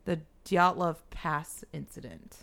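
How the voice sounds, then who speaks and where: Low gravelly woman telling a story casually. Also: expressive, slow, a bit bright. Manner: laughs often, rambling with fillers.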